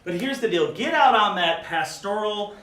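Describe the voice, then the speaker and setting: A high, bright and forceful man co-hosting a comedy morning show, mock-earnest and prone to sudden shouted bits. He sounds a little far from the mic in an echoey studio. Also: animated, moderate pace. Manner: loud mock-earnest, bursts into shouted impressions. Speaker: co-host.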